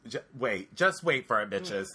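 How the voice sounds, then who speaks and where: A man telling a personal story on a casual podcast, animated and profane, talking straight to his listeners. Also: lowish voice, measured pace, breathy edge.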